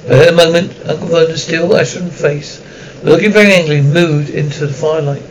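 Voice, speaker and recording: A man's voice: a little high, fairly even intonation, a little fast, a little hiss or hum, rough recording. A man narrating an audiobook chapter, reading with occasional slips and restarts. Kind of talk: storybook narration.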